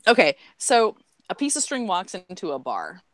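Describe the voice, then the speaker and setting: A woman's voice: mid-range voice, huge pitch swings, moderate pace, a bit bright, no echo. A woman on a podcast telling long jokes in casual chat, with lots of fillers and little acted voices. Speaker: podcast guest.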